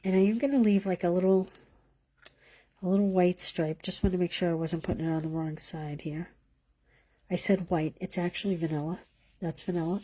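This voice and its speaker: Mellow-voiced woman teaching card stamping. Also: on the low side, fairly even intonation, a little fast, pauses often. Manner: chatty, thinks aloud, drops to a whisper while working. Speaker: card-making instructor. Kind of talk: live crafting demonstration.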